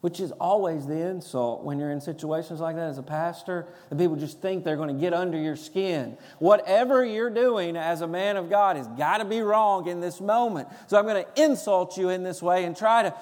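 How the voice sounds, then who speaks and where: A man serving as pastor delivers a sermon with an earnest, emphatic cadence. His voice sits high for a man. The sound carries the long reverb of a large sanctuary. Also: normal speed, hardly any pauses, darkish tone. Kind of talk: sermon with prayer and storytelling. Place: church sanctuary.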